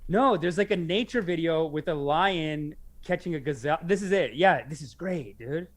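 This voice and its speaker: A young man co-hosting a casual podcast, talking in an animated, profane way and acting out shouted tirades. His voice sits a little high and swings widely in pitch. The talk is loose banter. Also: normal speed. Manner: animated, swearing, mimics yelling. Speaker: podcast co-host.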